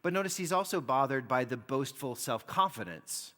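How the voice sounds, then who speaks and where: A man's voice: mid-range voice, animated, normal speed, a bit bright. A man preaching a sermon with a mid-range voice. He explains things conversationally, filling his talk with casual "like"s. His voice rings with the long reverb of a church hall. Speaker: pastor.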